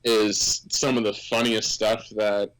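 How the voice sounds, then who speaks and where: A man's voice: on the low side, slow, low-quality recording. A former ballpark staffer, a man, spinning funny behind-the-scenes anecdotes in a casual podcast chat, full of ums and restarts. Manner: animated anecdotes with many fillers and restarts. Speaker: former team employee, guest.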